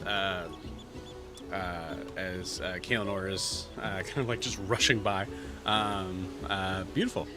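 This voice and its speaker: A man running a tabletop game as game master, narrating slowly with many fillers and restarts. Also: fairly low pitch.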